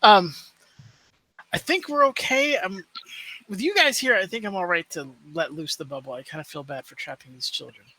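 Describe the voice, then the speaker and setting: A man's voice: high voice, expressive, normal speed, sharp tone. A man playing a tabletop role-playing game, switching between narrating his character and speaking in character, laughing often. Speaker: player.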